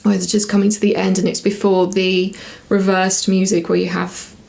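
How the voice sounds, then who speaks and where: A woman in a relaxed vlog review, speaking at a middle pitch. She rambles and corrects herself as she goes, with plenty of small fillers. It comes across as easy, unscripted chat straight to the viewer. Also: normal speed, gravelly. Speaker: TV episode reviewer. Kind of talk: casual review to camera.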